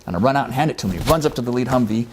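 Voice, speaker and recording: Man, war memoir, conversational, brisk pace, earnest. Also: medium pitch, animated, slight background noise. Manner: earnest, conversational, acts out quoted voices. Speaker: military medic recounting a war story. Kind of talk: first-person war story told to camera.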